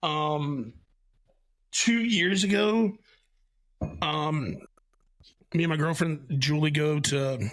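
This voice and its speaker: A man hosting his podcast tells stories with relaxed, animated energy and drops the odd curse word. His voice sits a little high for a man. The sound is dry and close, with no room echo. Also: extremely slow, pauses often. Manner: animated, swears freely, acts out quotes. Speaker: podcast host. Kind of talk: casual storytelling chat.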